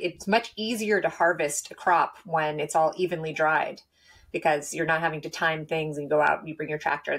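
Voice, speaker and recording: A woman guest in a conversational interview, telling her story in a lively way with restarts and laughs. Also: sits low. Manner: animated, quick, with laughs and restarts.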